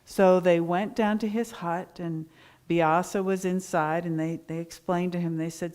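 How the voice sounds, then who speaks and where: A middle-aged woman preaching at a Sunday service, spinning a story with animated, lively delivery. Her voice sits a little low for a woman. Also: unhurried, clean tone. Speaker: minister giving a Sunday talk. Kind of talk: sermon storytelling.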